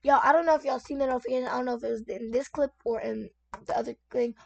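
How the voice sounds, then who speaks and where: A woman's voice: high-pitched, fairly even intonation, racing, gravelly, no room sound, muffled recording. A woman casually reading and reacting to online stories, chatty and full of asides to her viewers, on a desk microphone at home. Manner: chatty, talks straight to viewers with many asides. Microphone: desk microphone at lowered sensitivity.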